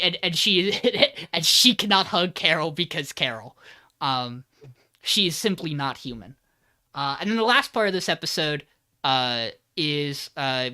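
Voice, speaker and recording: Bright-voiced, rambling podcast host. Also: medium pitch. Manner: rambling, animated, acts out character lines. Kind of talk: casual anime recap podcast.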